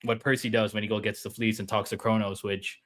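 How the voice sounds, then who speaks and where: A man joining as a guest panelist, talking in an excited, rambling way over a video call. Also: fairly low pitch, a little fast. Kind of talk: casual fan discussion.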